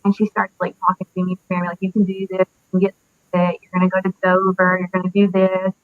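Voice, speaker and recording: A young woman in her twenties, an interview guest, recalls a painful loss in a halting way, with many fillers and pauses. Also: fairly low pitch, completely flat delivery, dry recording. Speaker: interview guest, military widow. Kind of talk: emotional personal recollection. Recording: dry tinny phone-like audio.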